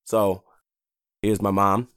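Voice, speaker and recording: A podcast host with a low voice and a dry, close sound. He chats casually and tells his stories with animation. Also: slow, smooth, dry recording. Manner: animated storyteller, drifts into comic voices. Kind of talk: casual chat.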